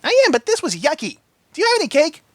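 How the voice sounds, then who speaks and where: A man voicing a tiny, hyperactive female pony in a storybook reading, with a squeaky, sing-song, bouncy delivery. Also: wildly swooping pitch, fast, no echo, full character voice. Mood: giddy.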